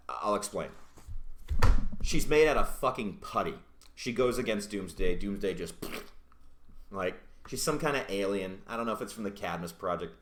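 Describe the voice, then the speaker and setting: A lower-voiced man talks through a comic book review in a loose, rambling way. He swears freely and restarts his sentences often. His voice rings in a roomy indoor space. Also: fairly bright tone. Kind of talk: casual video review. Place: indoors at home. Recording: roomy echo.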